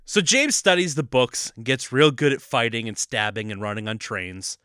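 A man with a bright, clear voice and a lively, bouncing delivery, trading jokes as he walks through a movie's plot. He laughs easily and keeps the chat loose and playful. The sound is close and dry, with no room around it. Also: mid-range voice, moderate pace, no echo. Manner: joking, laughs often, slips into mock voices. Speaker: podcast co-host.

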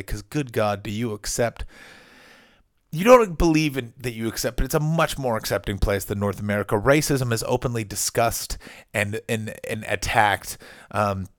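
A man rants as a comic podcast host, loud and excitable. He swears freely and jumps from one topic to the next. His voice sits at an everyday pitch. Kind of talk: comic rant. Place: hotel room. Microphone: video call microphone.

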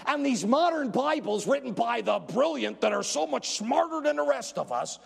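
Male preacher, high-pitched, gravelly, emphatic and sarcastic, reverberant church hall. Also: very animated, normal speed. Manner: emphatic, sarcastic, swings between loud and hushed. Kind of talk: sermon.

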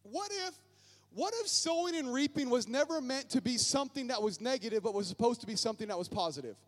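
A male pastor preaching a lively sermon to his church, often calling out to the congregation. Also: extremely high pitch, quick pace. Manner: energetic, calls on the congregation often. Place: church sanctuary.

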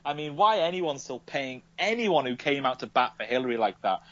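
A man's voice: mid-range voice, sing-song, fairly quick, fairly bright tone, dry recording, dull audio. A man co-hosting a podcast, ranting about politics in heated, sweary casual chat. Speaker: podcast co-host.

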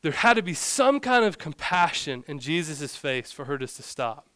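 Casual young male pastor, smooth voice, dry close sound, jokes as he preaches. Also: fairly high pitch, sing-song, moderate pace, pushed and bright, no echo. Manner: casual, joking preaching with vivid storytelling. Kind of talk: sermon.

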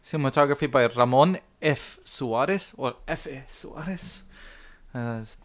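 A man's voice: medium pitch, steady tone, brisk. A man co-hosting a casual film podcast, teasing his co-host and reading the film credits with Spanish pronunciation.

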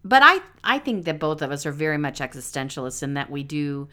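A woman's voice: sits low, big pitch swings, fairly quick, bright, forceful tone. A middle-aged woman co-hosting a podcast in casual chat, playful and laughing often. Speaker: podcast co-host.

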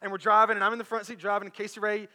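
High, bright-voiced preaching man. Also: little pitch movement, rapid-fire, in a large hall. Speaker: pastor. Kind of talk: sermon. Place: church auditorium.

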